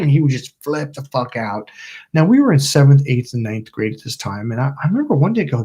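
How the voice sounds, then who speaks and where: A man's voice: medium pitch, big pitch swings, a little fast, warm tone, breathy edge. A middle-aged man from California hosting his channel, telling a rambling story with lots of swearing and acted-out quotes. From Napa, California. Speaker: channel host. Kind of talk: casual storytelling livestream.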